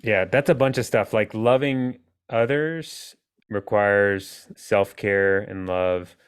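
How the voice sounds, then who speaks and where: A man hosting a podcast interview, speaking in a relaxed, rambling, affirming way. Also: lowish voice, slow pace, clear, resonant tone. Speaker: podcast host. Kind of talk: conversational interview.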